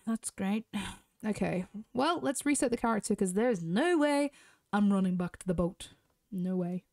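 A woman's voice: mid-range voice, lively intonation, moderate pace, a little mellow, no echo. A British woman chatting casually to her viewers while playing a horse game, asking questions and musing aloud. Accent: British English. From Britain. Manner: chatty, talks straight to viewers. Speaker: gaming YouTuber. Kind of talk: casual gameplay commentary.

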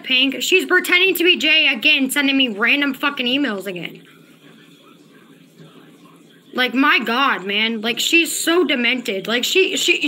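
A woman with a high, pushed, bright voice livestreams and reads her chat in casual conversation. She sounds agitated and profane and tends to repeat herself.

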